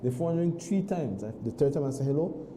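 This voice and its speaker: A man with a very dark, mellow voice tells a story in an animated way, doubling back on his words. He sits a little above the usual male pitch, and the studio around him is roomy and echoey. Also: fairly quick, slight background noise. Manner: animated, repeats himself, many restarts. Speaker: guest. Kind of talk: casual storytelling on a morning show.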